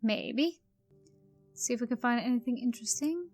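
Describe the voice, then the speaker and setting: Woman, let's play commentary, rambling, thinking aloud, somewhat high pitch. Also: moderate pace, darkish tone, faint music behind. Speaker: video game player.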